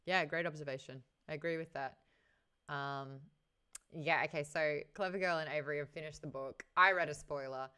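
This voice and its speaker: A woman's voice: low-pitched, moderate pace, clean tone. Chatty woman hosting a book chat. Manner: chatty, animated, swears freely, laughs often. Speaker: host. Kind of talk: casual book discussion.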